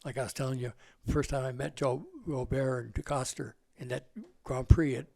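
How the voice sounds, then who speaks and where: Gravelly old man telling rambling stories. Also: mid-range voice, steady tone, normal speed, dark tone, dry recording. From United States. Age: older. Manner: rambling, profane and laughing. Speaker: guest. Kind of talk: casual storytelling.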